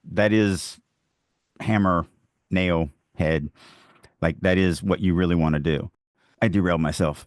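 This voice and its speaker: Deep-voiced man, dry close sound. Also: no room sound. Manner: emphatic, speaks from the reader's point of view. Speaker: podcast co-host. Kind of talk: casual discussion on writing craft.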